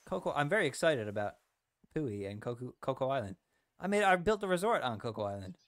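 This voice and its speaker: A young Canadian man streaming a farming game, chatting casually with viewers, excitable and apologetic, sometimes shouting. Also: mid-range voice, quick pace, no room sound, clean studio sound. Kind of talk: casual live-stream chat. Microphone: desk mic.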